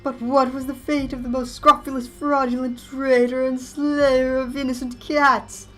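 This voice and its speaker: A woman voicing a mournful, grandiose male knight ghost who speaks in archaic, theatrical drawn-out phrases. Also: high voice, flat delivery, pitched above the performer's own voice. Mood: aggrieved.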